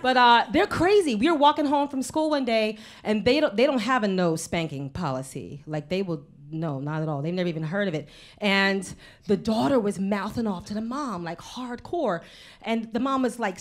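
A woman in her thirties doing a stand-up comedy set on a live stage, telling mouthy, animated stories about her kids with asides to the audience. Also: medium pitch, brisk. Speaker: stand-up comedian and show host.

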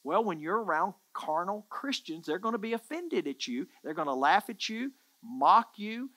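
Pastor preaching, earnest and emphatic, repeats stuff for stress, bright edgy voice. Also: mid-range voice, expressive, normal speed. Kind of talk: sermon.

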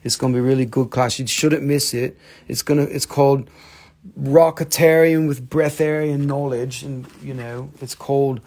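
Gravelly, jokey man hosting a live sale. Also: mid-range voice, steady tone, normal speed, a little mellow. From North Carolina. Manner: jokey, rambling, self-mocking. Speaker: host of a live crystal sales stream. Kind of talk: casual live sales chat.

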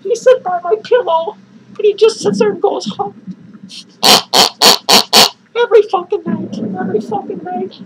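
A lonely, bitter clown woman, voiced by a man in falsetto, rambles through a homemade comedic review skit. Her voice is piercingly high and shrill, and she swears constantly and self-pityingly. A clear hiss of background noise runs under the home recording. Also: normal speed, long pauses. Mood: frantic. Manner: rambling, swearing, cackling between lines. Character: lonely bitter foul-mouthed female clown.

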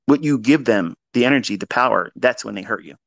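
A man teaching trading in a live audio talk, blunt and heavily profane, swinging between loud emphatic bursts and quieter asides. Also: mid-range voice, lively intonation, a little fast, vocal fry, dry recording, muffled recording. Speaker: trading educator.

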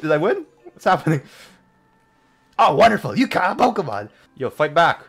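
A young man playing a video game and commenting casually, excitable and laughing often, sometimes reading the game's lines out in silly voices. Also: fairly high pitch, normal speed, pauses often, breathy edge, faint music behind. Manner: excitable, laughs a lot, shouts and mocks game dialogue. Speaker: gaming streamer. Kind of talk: casual let's-play commentary.

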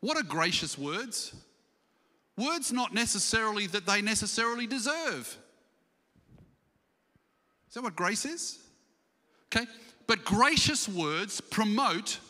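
High, bright-voiced pastor preaching in a hall. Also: male voice, unhurried, long pauses. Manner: animated, acts out scripture stories, asks the congregation questions. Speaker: senior pastor. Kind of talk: sermon. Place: church hall. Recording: church livestream with long hall reverb.

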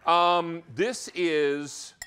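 A man's voice: on the high side, fairly even intonation, extremely slow, pushed and bright, smooth. A man hosting a live TV shopping cooking demo, with upbeat, salesy patter. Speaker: shopping channel host.

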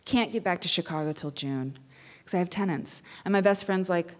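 A woman in her thirties telling a funny personal story live, chatty and self-deprecating with animated asides. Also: fairly low pitch, normal speed. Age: 30s. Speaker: writer and quilter performing for students.

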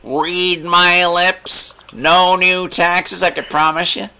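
A man's voice: high voice, flat delivery, slow, creaky, sharp tone, clear, resonant tone, pitched above the performer's own voice, full character voice. A man doing a comic impression of a folksy older male politician making promises. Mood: mock-solemn.

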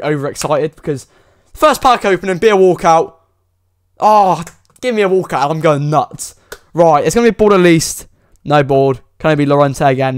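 A young man giving excitable, pleading commentary while opening game packs, full of exclamations and slang. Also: fairly high pitch. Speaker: gaming YouTuber.

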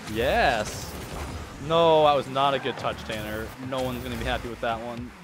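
A man chatting casually while playing a video game, excitable and sarcastic, laughing often. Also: mid-range voice, moderate pace, noisy background. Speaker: gamer and co-host. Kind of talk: casual gaming chat.

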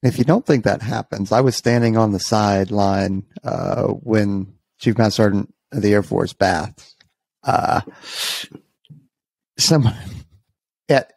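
A man's voice: lowish voice, takes it slowly, gravelly, pauses often, darkish tone, breathy edge, no echo. A man co-hosting a podcast, telling an amused story in a rambling way, full of fillers. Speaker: podcast co-host. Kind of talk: casual podcast chat.

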